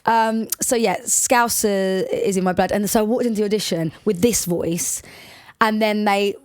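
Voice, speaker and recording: A chatty, self-deprecating woman with a Watford accent, chatting as a podcast co-host. Her voice sits at a middle pitch. The recording is dry and close, with no room sound. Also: moderate pace, dry recording. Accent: Watford, England. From Liverpool, England. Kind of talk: casual chat.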